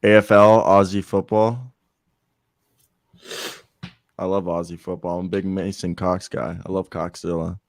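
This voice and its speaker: A man's voice: sits low, flat delivery, measured pace, long pauses, no echo, clean studio sound. A young man co-hosting a podcast, joking around in crude, profane, casual banter. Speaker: podcast co-host.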